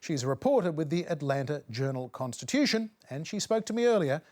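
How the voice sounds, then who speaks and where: Man, Australian accent, news co-host, measured, explanatory, interviewer. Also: fairly high pitch, animated, darkish tone. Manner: measured, explanatory, frequent affirming murmurs. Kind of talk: current affairs panel and interview.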